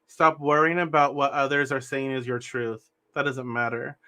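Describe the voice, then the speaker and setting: A man's voice: mid-range voice, level tone, normal speed, pushed and bright. A young man giving a spiritual tarot reading, earnest and meandering, often restarting sentences and talking with his hands. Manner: earnest, meandering, self-correcting. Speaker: tarot reader.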